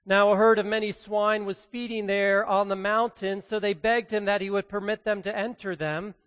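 An earnest pastor preaches in a relaxed, conversational way, pressing hard on the points that matter. The voice sits at a middle pitch. A long reverb trails each phrase, as in a big church hall. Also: normal speed. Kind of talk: sermon with scripture reading.

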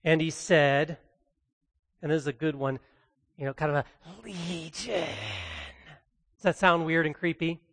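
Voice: mid-range voice, long reverb tail. A pastor giving a sermon and reading scripture, earnest and conversational, leaning hard on key phrases.

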